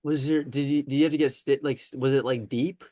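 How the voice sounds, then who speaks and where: Man, podcast host, casual interview, halting questions, trips over his words. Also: mid-range voice, fairly even intonation, noisy background.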